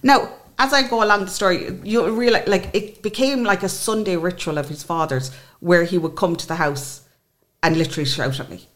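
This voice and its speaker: Irish woman, forties, guest; emotional, lively storyteller with a lowish voice. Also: fairly quick. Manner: emotional, animated, acts out what others said. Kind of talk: personal storytelling in a podcast interview.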